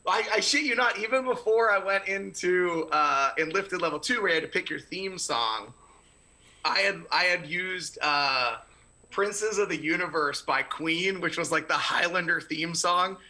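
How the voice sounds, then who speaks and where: Male podcast guest, slightly high, very bright voice, animated and profane. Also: measured pace. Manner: animated, laughs often, swears casually. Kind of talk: casual podcast conversation.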